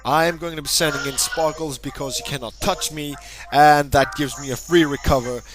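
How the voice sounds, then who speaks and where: A man giving casual, rambling and jokey commentary over a game battle, breaking into bursts of excitement. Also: a little high, normal speed, poor audio. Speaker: gaming channel host. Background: background music.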